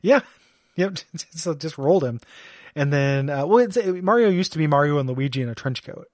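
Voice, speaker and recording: Rambling higher-voiced man, dry studio sound. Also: animated, moderate pace, a little mellow, dry recording. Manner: rambling, lots of fillers and restarts, laughs often. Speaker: podcast co-host. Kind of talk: casual chat about a video game. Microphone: studio microphone.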